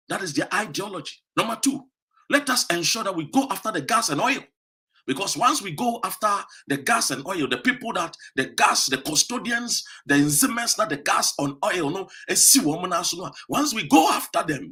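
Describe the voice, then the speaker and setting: A man's voice: high voice, bright, forceful tone. A Ghanaian man with a Ghanaian accent, giving an emphatic, accusatory political monologue that mixes English and Twi. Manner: switches between English and Twi, repeats "what you say?". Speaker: political commentator.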